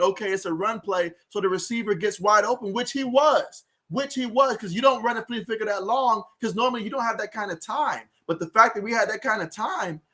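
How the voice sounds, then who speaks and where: High bright-voiced guy doing live football watch-along, gets loud and fired up over plays, reads chat out. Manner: excitable fan, shouts and groans at plays; reads viewer chat comments aloud. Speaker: livestream sports host.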